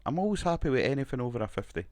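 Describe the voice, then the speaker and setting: A man's voice: medium pitch, big pitch swings, racing, a little mellow, dry recording. A man casually commenting on his wrestling management game, rambling, swearing and laughing now and then. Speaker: gaming video creator.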